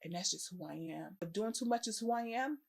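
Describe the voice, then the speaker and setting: A woman's voice: medium pitch, lively intonation, fast, gravelly, darkish tone, slightly rough. A young adult woman chats casually as a podcast co-host. She tells stories animatedly, acting out quoted voices with bursts of laughter. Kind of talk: casual chat.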